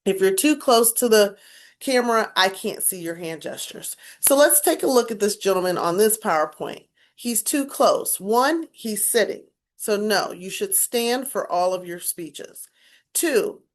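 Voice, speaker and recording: A woman speech instructor giving a recorded class lecture, explaining and demonstrating points with emphatic, varied inflection. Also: mid-range voice.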